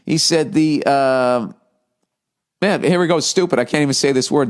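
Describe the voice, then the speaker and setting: A man's voice: mid-range voice, normal speed. A man in his forties doing a casual, profane comedic rant as a podcast host, laughing at his own jokes.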